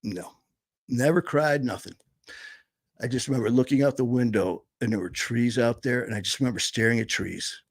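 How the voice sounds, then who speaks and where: A man telling a personal story, candid and blunt, swearing freely and pausing often. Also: medium pitch, no room sound. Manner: halting, full of fillers and restarts.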